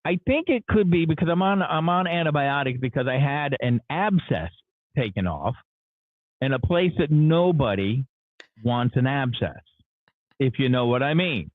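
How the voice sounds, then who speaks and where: A man's voice: medium pitch, lively intonation, normal speed. A man calling in as a radio host, telling a long candid story in casual, rambling talk with many restarts. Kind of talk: casual morning show chat. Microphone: phone call. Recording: tinny phone line.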